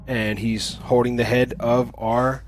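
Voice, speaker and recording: A man's voice: mid-range voice, level tone, takes it slowly, faint music behind. A man narrating as game master of a tabletop game, laid-back, with fillers and easy laughs.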